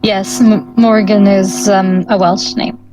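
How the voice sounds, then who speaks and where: A woman's voice: medium pitch, little pitch movement, slow pace, over music, rough recording. A woman chatting casually and making dry, teasing remarks. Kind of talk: casual chat.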